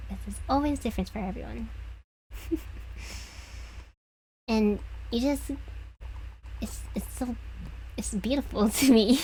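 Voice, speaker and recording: A woman's voice: medium pitch, a little mellow, slight background noise, rough recording. A woman streaming as a vtuber, chatting casually and reflectively while she draws, with frequent laughs. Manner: reflective, musing, laughs often.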